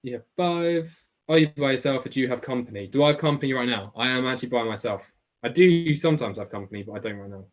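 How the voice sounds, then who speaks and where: Casting: young Essex bloke, laid-back online biology tutor, chatty, mid-pitched. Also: male voice, expressive, fast. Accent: Essex English. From England. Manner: chatty and informal, lots of "like" and "right?". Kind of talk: casual live webclass, reading and answering chat questions. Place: home room, alone.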